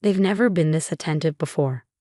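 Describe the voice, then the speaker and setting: A woman's voice: deep voice, brisk, warm tone, no room sound, studio quality. Woman reading as a loyal best friend. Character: loyal warm young female best friend.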